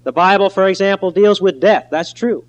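A man preaching a sermon in an earnest, emphatic way, slowing down on key phrases. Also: sits high, low-quality recording.

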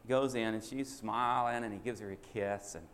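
A man's voice: on the low side, steady tone, moderate pace, fairly bright tone. A man preaching a sermon as a folksy story. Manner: folksy, acts out child and father voices in a story. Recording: echoey hall with faint hiss.

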